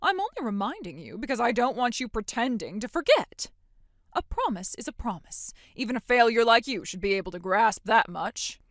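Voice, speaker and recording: A condescending, manipulative middle-aged mother, acted by a woman, with a lively pitch that swings high and low. Her voice sits a little above average and sounds dry and close to the mic. She talks down to her daughter in a dramatic voiced story. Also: moderate pace, no room sound. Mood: cold. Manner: condescending, later gushing and pushy.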